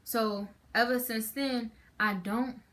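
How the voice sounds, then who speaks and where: A woman's voice: a little high, steady tone, slow, fairly bright tone. Chatty teen girl vlogger, rambling storytime. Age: teens. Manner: chatty, rambling with many fillers and restarts. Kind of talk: casual storytime chat.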